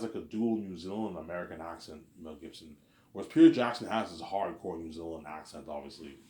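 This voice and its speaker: Low-voiced rambling man, echoey room. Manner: rambling and repetitive, restarts phrases. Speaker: vlogger. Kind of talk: casual rambling monologue.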